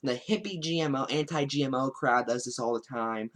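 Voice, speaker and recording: A man's voice: medium pitch, moderate pace, hardly any pauses, a bit bright. Male host, sarcastic, wry solo commentary. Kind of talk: political commentary monologue.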